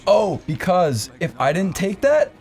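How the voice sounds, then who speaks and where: A man's voice: sits high, unhurried, soft background music. A young adult man casually telling a crude story as a podcast co-host, swearing freely. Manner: profane, animated anecdote-telling.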